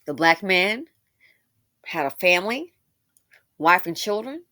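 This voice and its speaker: A woman host giving impassioned social commentary, swinging between loud emphasis and hushed asides. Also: fairly low pitch, expressive, slow pace, no room sound, studio quality.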